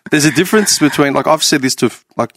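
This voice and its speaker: Fast-talking blunt man. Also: on the high side, fairly bright tone, husky. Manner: blunt, swears freely. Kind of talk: casual chat.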